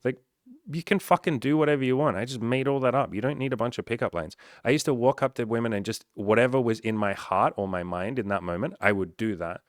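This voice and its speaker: A man's voice: mid-range voice, fast talker, no echo, clean studio sound. A man talking as a dating coach in a casual, blunt monologue full of swearing. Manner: blunt and profane, conversational.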